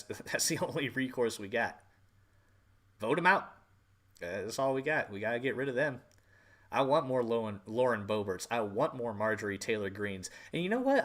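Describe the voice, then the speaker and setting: Forceful, angry ranting man. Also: on the low side. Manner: angry, profane, emphatic repetition. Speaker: podcast host. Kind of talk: political rant.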